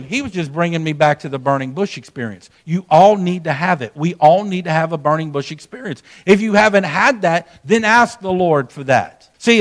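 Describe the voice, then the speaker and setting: A middle-aged man preaches from the pulpit in a high-pitched voice. He tells a personal story in a folksy way, speaking straight to his congregation. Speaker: pastor. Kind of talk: sermon.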